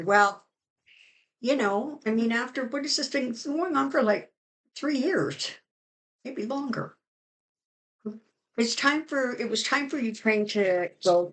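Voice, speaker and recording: A middle-aged tarot reader chats casually on her channel while reading cards, opinionated and full of fillers. Her voice sits mid-range at a normal speed.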